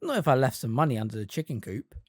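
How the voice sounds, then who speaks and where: A fan reader voicing a brisk, bossy teenage girl witch who is impatient and anxious. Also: medium pitch, very animated, breathy edge, dry recording, clean studio sound.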